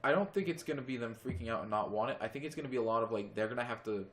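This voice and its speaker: A man's voice: medium pitch, rapid-fire, a bit bright. A young man co-hosting a casual podcast, rambling and joking while drinking a beer. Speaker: podcast co-host. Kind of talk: casual chat.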